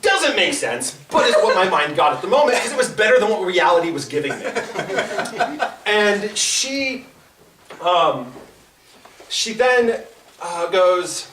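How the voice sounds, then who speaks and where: Young male stand-up, stammering storyteller, high animated voice, distant echoey club sound. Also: slight background noise. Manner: halting, stammering delivery with many restarts. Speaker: stand-up comedian. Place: small comedy club at an open mic. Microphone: no microphone, recorded from across the room. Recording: roomy, distant open-mic room recording. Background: audience laughter.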